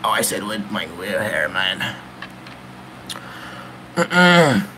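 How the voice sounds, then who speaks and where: A man's voice: on the low side, sing-song, very slow, pushed and bright, a little hiss or hum. A young man livestreaming in a joking emo persona, full of mock-teen slang and frequent laughter.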